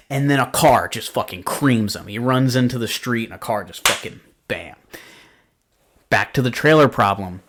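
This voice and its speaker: With a mid-range, fairly bright voice, a man hosts a podcast about horror movies. The chat is loose and rambling, full of filler words and free swearing.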